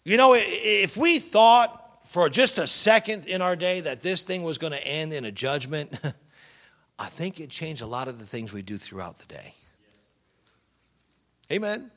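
A man preaching a sermon, emphatic and animated, addressing the congregation directly. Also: on the high side, unhurried.

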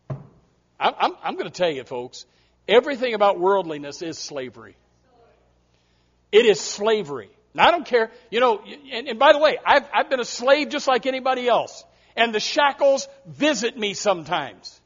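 Preacher guy, high-ish voice, goes loud then hushed, kinda muffled recording. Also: animated, normal speed. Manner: emphatic, swings between loud and hushed. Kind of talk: sermon. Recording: muffled lo-fi sound.

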